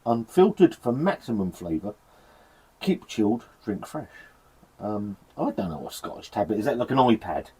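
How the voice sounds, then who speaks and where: Husky-voiced English man reviewing beer. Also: on the low side, warm tone. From England. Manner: chatty, sweary, rambling with self-deprecating laughs. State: shivering from the cold. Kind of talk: casual beer review vlog. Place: cold outdoor shed.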